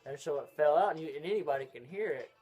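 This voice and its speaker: Husky-voiced young man. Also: a little high, lively intonation, fast. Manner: rambling, drawling, with loud bursts of laughter. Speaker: vlog co-host. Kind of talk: casual storytelling chat.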